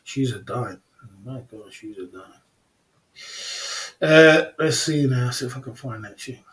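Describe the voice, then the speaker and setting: A man hosting a casual livestream chat, relaxed and slangy, who chuckles often and repeats himself. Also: mid-range voice, unhurried. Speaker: livestream host.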